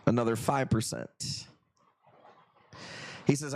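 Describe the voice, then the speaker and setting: A slightly high male voice swoops wildly in pitch, moving at a moderate pace with long pauses and a breathy edge. He's the host of a live coral auction stream, trading profane, jokey, rambling banter with viewers in casual sales chat.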